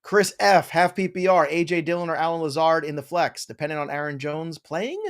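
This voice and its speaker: A middle-aged man hosting a live Q&A stream, reading out viewer questions with a quick, joking delivery. His voice sits a little high for a man. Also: fairly even intonation. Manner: reads viewer questions aloud, jokey and quick. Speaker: fantasy football show host. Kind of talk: live Q&A chat.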